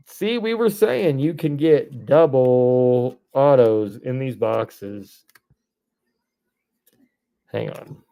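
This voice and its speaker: A man, hosting a live card break stream, reading off names and breaking into excited shouts. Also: medium pitch, drawn-out words, gravelly, pauses often.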